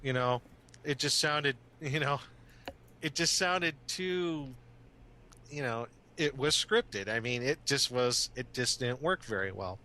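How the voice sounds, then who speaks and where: A man's voice: medium pitch, slow, sharp tone. A man co-hosting a casual tabletop gaming podcast, theatrical and hammy in his delivery, laughing often. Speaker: podcast co-host and game master. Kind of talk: casual chat.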